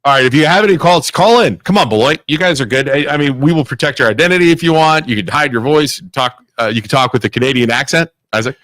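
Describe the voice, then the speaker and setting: Casual, joking male host, bright forceful voice, dry studio sound. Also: medium pitch, dry recording. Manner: casual, joking, quick to agree. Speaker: talk show host. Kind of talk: local talk radio discussion.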